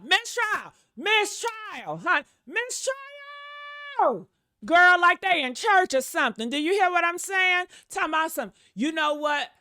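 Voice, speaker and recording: A woman hosting a gossip vlog, talking to her viewers in a sassy, animated, chatty way. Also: on the high side, smooth, no echo, studio quality. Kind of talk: casual commentary.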